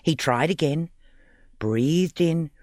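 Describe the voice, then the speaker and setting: A man narrating a children's audiobook story in an expressive, playful reading. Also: a little high, slow, no room sound, clean studio sound.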